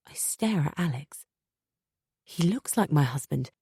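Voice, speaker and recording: Female audiobook narrator, low register, dry studio sound, tense measured reading. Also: mellow, slightly rough, no room sound. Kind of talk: first-person thriller narration.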